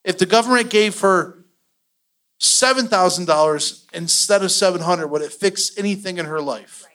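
A middle-aged man teaching a church finance class, telling stories with animated, acted-out quotes. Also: high-pitched, moderate pace. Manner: animated storytelling, acts out quotes.

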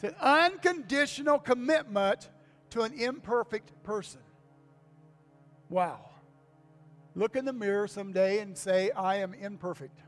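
A man's voice: extremely high pitch, unhurried, long pauses, fairly bright tone, faint music behind. An older man preaching to his congregation in a folksy manner, repeating key lines and asking for amens. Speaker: pastor. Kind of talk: sermon. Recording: long reverb of a church hall.

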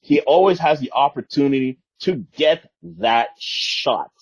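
Guy on a movie podcast, husky voice, swoops up and down a lot, kinda muffled sound. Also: mid-range voice, unhurried. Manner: animated retelling, acts out movie lines. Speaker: podcast co-host. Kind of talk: casual chat.

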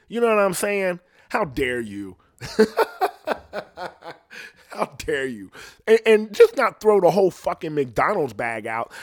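A man's voice: a little high, dry recording, clean studio sound. Profane rambling man ranting. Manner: ranting, profane, rambling with frequent "you know what I mean". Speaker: podcast host. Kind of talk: profane casual monologue.

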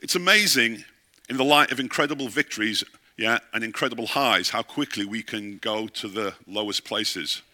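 A man's voice: lowish voice, normal speed, sharp tone. A middle-aged man, a pastor, preaching a sermon and telling a story, often asking his listeners questions.

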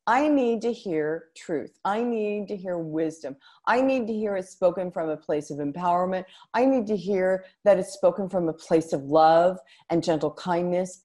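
A woman hosting a personal podcast, talking in an animated, expressive way with frequent restarts. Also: medium pitch. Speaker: podcast host. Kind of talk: casual personal podcast monologue.

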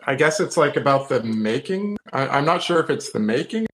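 A man's voice: mid-range voice, sing-song, normal speed, a bit bright, poor audio. A man co-hosting a horror movie podcast, chatting casually and hesitantly, often restarting his sentences. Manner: hesitant, lots of fillers and restarts. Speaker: podcast co-host. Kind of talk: casual chat.

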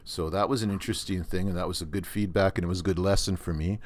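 A man's voice: deep voice, fairly even intonation, fast, a little mellow. An older man with a Canadian accent hosting a podcast, talking in a rambling, earnest way with many restarts and fillers. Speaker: podcast host. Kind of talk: casual monologue.

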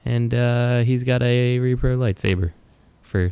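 Man, low gravelly voice, smooth, laid-back, dry close sound. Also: fairly even intonation, measured pace, warm tone, dry recording. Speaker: podcast co-host. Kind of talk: casual chat.

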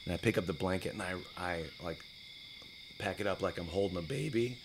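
A man in his forties, a podcast guest, telling casual stories in an animated way and acting out other people's lines. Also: low voice, brisk, noisy background. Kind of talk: casual storytelling.

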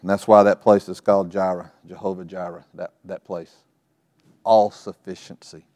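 A low-pitched man preaching in a church, building stories of his own family into his sermon. His voice is close and dry, with little room sound, and he stretches out key phrases for weight. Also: little pitch movement, moderate pace, darkish tone, dry recording. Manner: storytelling preacher, acting out family scenes. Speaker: pastor. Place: church sanctuary.

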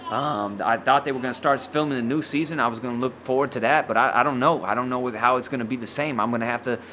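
A man hosting his own podcast, ranting loudly with lots of swearing and slang, stumbling over restarts, short of breath with a sore throat. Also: mid-range voice, fast talker, slight background noise. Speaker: podcast host. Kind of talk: profane solo podcast rant.

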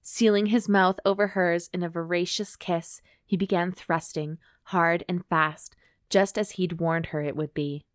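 A woman's voice: lowish voice, steady tone, unhurried, dry recording, studio quality. A woman co-hosting a podcast, reading a romance novel aloud steadily and breaking off for wry jokes. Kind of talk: dramatic reading with joking commentary.

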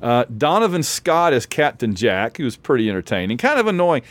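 A man's voice: medium pitch, sing-song, a little fast. A man hosting a podcast in casual chat over an online call, laughing often and restarting his sentences. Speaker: podcast host.

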